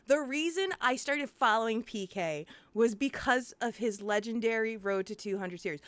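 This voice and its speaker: A woman hosting a live-stream interview, excitable and gushing, swearing freely. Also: fairly high pitch, no room sound. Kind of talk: casual live-stream chat.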